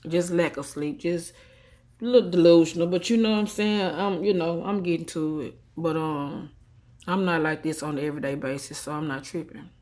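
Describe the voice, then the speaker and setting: A woman's voice: low-pitched, normal speed, darkish tone. Tearful woman venting into her phone. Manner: venting, defiant, swings from subdued to heated. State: tearful after crying. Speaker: vlogger. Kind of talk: emotional selfie vlog rant. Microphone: phone held at arm's length.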